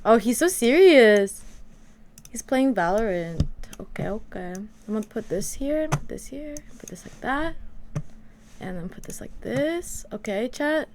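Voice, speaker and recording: Woman, high voice, casual livestream chat, rambling, lots of "like", home room. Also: expressive, a little slow, a little mellow, slight background noise. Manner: rambling, full of "like" fillers. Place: her own room at home.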